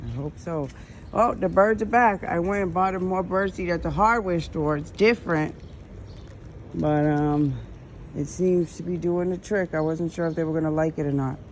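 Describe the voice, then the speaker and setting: A woman's voice: fairly low pitch, moderate pace, a little mellow, poor audio. A middle-aged woman with a stuffy nose, chatting and rambling to her phone while walking outdoors, laughing at herself. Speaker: vlogger. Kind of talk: casual walking vlog. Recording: outdoor noise behind.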